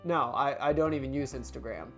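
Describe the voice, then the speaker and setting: Woman playing a weary man, low grumbling voice, story game, faint music. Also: brisk. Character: weary, gruff young male film director.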